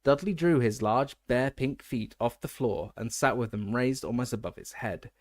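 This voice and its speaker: A man's voice: mid-range voice, normal speed, dry recording. A man narrating an audiobook, recorded dry and close with no room sound. He reads steadily, with occasional stumbles that he corrects. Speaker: audiobook reader.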